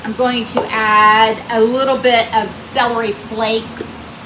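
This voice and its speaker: A woman cooks in her home kitchen and chats in a folksy manner with viewers, speaking at a fairly high pitch in a level tone and taking her time. She's a cooking vlogger, and the roomy space has the steady hum of central air.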